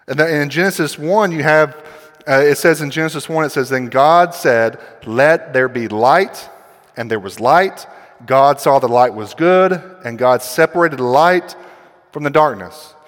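A man preaching a sermon, explaining scripture in a conversational teaching manner and stressing quoted lines. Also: medium pitch. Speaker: pastor. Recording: long hall reverb.

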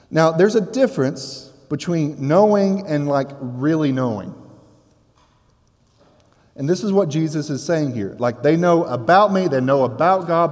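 Conversational male preacher in a reverberant hall. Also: fairly high pitch. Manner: conversational, animated preaching with casual asides. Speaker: pastor. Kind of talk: sermon.

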